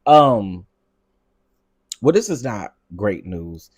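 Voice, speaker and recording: A man hosting a casual vlog, ranting in an animated, repetitive, exasperated way. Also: fairly low pitch, extremely slow, husky. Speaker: vlog host.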